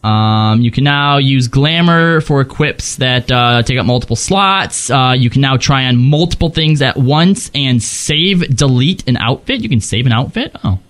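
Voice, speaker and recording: A man's voice: mid-range voice, animated, normal speed, hardly any pauses, a bit bright. A man co-hosting a casual gaming podcast, profane and joking as he reads patch notes and listener emails. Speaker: podcast co-host.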